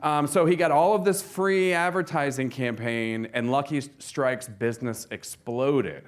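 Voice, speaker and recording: In an unhurried, mid-range voice, a man gives a casual seminar talk to real estate agents. He's a chatty storyteller whose stories are full of fillers and restarts.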